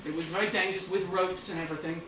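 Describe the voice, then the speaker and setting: A man's voice: high-pitched, steady tone, very fast, pushed and bright. English man laughing through a comedy set. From England. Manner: laughing through his own jokes. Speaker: stand-up comedian. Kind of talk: stand-up storytelling. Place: club room with a live audience. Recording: echoey club from far off, noisy.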